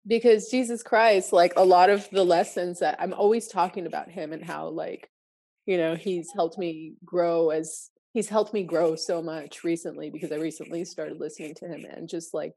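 Woman, podcast host, lowish mellow voice, emotional, effusive, swears. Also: steady tone, moderate pace, creaky. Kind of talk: candid personal conversation.

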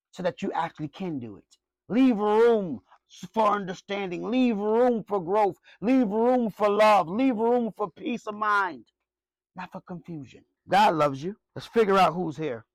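A man preaching with a notably high voice, rising into loud bursts and then dropping to low, quiet asides. He keeps asking the congregation questions. The sound is dry, with no room echo. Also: measured pace. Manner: emphatic preaching with call-and-response questions. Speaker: pastor. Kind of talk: sermon.

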